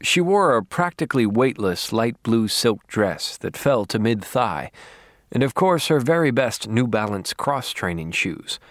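Dry deadpan male narrator. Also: medium pitch, a little slow, no echo. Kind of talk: audiobook narration.

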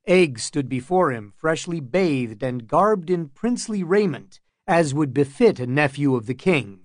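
A man narrating a fantasy audiobook in a measured, even manner. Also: fairly high pitch, no room sound, studio quality.

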